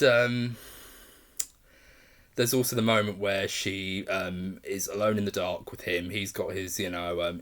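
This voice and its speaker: Low-voiced man rambling through a film review. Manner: enthusiastic and rambling, often laughing. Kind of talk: casual spoken film review.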